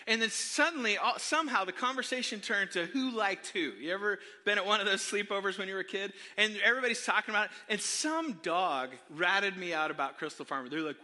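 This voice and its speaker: A middle-aged pastor preaches with animated, self-deprecating storytelling, often turning to the crowd. His voice sits high for a man and sounds bright and sharp, with long reverb from a large church hall. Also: fairly quick, hardly any pauses. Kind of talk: sermon with personal storytelling.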